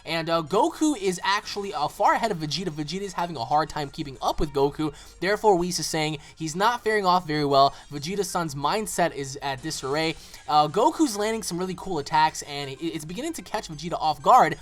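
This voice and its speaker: A man's voice: fairly high pitch, lively intonation, a little fast, fairly bright tone. A man hosting a casual anime recap, rambling with lots of fillers. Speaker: host.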